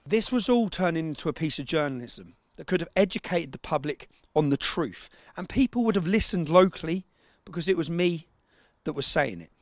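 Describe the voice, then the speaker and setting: Male narrator, slightly raised pitch, bitter reflective read, dry close recording. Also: expressive, brisk, dry recording.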